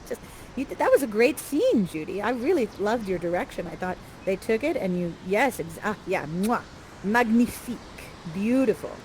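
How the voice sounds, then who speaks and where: A woman's voice: mid-range voice, sing-song, normal speed, darkish tone, slight background noise, low-quality recording. Playful, theatrical woman guiding a live scene. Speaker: actor guiding participants. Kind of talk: interactive theater narration.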